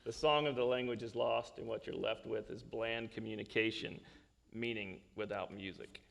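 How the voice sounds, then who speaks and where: A man moderating a book festival panel, relaxed and quick to laugh, sometimes reading passages aloud. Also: fairly low pitch, vocal fry, slight background noise. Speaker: magazine editor moderating a panel. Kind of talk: casual onstage conversation. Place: large hall at a book festival. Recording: reverberant hall, stage mics.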